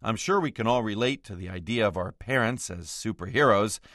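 A man's voice: fairly low pitch, brisk, dry recording, clean studio sound. A man delivering a scripted, sarcastic movie-review roundup on the radio. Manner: wry, sarcastic, expressive. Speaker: film critic roundup writer. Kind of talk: scripted comic radio commentary.

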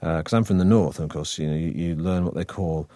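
A deep-voiced man from the north of England, his northern accent smoothed toward received pronunciation. He talks in a loose, wry, chatty way, full of ums and false starts. The sound is close and dry. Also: fast talker, warm tone, dry recording. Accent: northern English, softened toward received pronunciation. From Manchester, England. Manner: chatty and wry, with frequent fillers and restarts. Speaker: actor guest. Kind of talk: relaxed conversational interview.

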